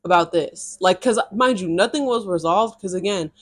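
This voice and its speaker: Chatty twenties girl telling a story, lowish voice, says like a lot. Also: normal speed. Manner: animated, chatty, lots of filler "like". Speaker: vlogger. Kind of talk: casual storytime chat.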